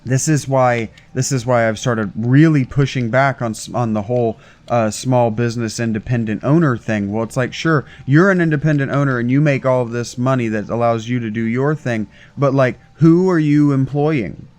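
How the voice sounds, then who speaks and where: A man's voice: medium pitch, fairly even intonation, moderate pace. A man hosting a solo podcast, thinking aloud in a rambling monologue with frequent restarts and "right?" tag questions. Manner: meandering, many restarts and "right?" tags. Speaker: podcast host.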